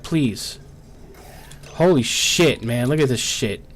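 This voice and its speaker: Medium-pitched and expressive, this streamer commentates his gameplay live. Frustration builds, and he swears and rattles off "no" again and again as things go wrong.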